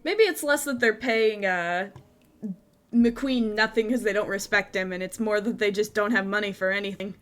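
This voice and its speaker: A woman's voice: medium pitch, moderate pace, fairly bright tone. A woman playing a video game, casually reading the dialogue aloud and commenting with playful, giggly chatter. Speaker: gaming video host.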